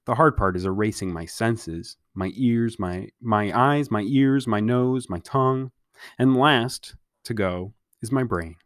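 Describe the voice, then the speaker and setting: A man reading aloud and voicing a dreamy, whimsical teenage girl who speaks softly and slowly. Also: fairly low pitch, no room sound, clean studio sound, lightly acted.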